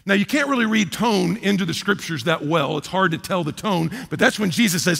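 A man preaching a sermon, swinging between loud emphatic peaks and low, quiet asides. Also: brisk, vocal fry, hardly any pauses, husky. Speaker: pastor. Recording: long hall reverb.

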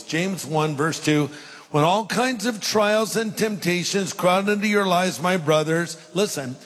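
A man's voice: sits high, a bit bright. A middle-aged male pastor preaching a sermon, reading scripture aloud and acting out the voices in it. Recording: long hall reverb.

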